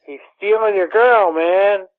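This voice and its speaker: A man's voice: sits high, slow, dry recording. A man co-hosting a wrestling podcast, dropping short, dry wisecracks in casual chat. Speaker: podcast co-host. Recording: tinny phone-like line.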